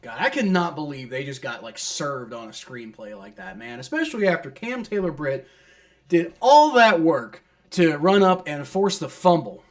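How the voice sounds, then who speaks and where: A fan streamer narrates a football game as it happens, his fairly high voice moving in a sing-song way at normal speed. Irritated by the refs and players, he keeps complaining, swears without much thought, and fills gaps with "like."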